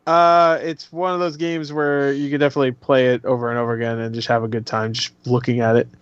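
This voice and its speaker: A man's voice: medium pitch, level tone, fast, clear, resonant tone, no echo, muffled recording. A man co-hosting a casual gaming podcast, laughing often and swearing freely. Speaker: podcast co-host.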